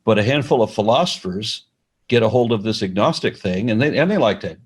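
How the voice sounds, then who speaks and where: A man being interviewed, explaining at length in a measured way, with frequent restarts. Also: on the low side, animated, breathy edge. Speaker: atheist organization representative, interview guest.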